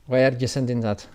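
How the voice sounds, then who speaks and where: A gaming streamer from Italy, a native Italian speaker with an Italian accent, chats casually with viewers during a live stream of a game and often laughs. His voice is mid-range with a darkish tone.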